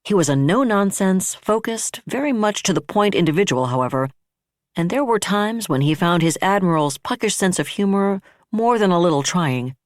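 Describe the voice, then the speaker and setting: Audiobook narrator reading steady and even, dead dry close mic. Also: medium pitch, moderate pace, no room sound. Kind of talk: scripted narration.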